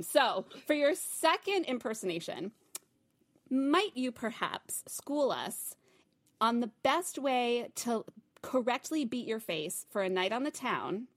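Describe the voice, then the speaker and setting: A woman hosting a podcast, chatting casually and gushing over her guest. Her voice sits a little high and swoops widely in pitch, and she fills her sentences with "like.". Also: very animated, slow. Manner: bubbly, gushing, with lots of "like" fillers. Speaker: podcast host. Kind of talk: casual chat.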